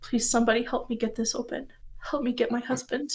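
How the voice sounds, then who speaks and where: A woman voicing a young wife who speaks softly, close to a whisper, choked with emotion. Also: fairly high pitch, fairly even intonation, a little fast, close to an everyday voice. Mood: tearful. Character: tearful young woman reunited with her husband.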